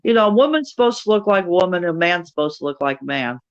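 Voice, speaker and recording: A woman's voice: lowish voice, lively intonation, fast, clear, resonant tone, no room sound, muffled recording. A woman chatting casually as a guest on a live stream, rambling and repeating her words. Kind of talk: casual chat.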